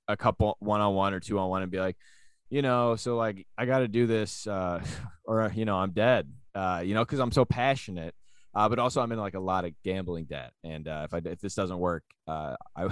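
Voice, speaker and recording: Low-voiced man in dry, rambling banter. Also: smooth, no echo. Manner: rambling, with frequent restarts and laughter. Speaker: comedian and podcast co-host. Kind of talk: casual banter.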